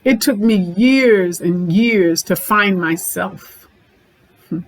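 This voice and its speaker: A woman's voice: medium pitch, takes it slowly, low-quality recording. Middle-aged woman therapist, folksy podcast monologue that drives points home by repeating them. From Memphis, Tennessee. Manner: folksy, repeats lines for emphasis.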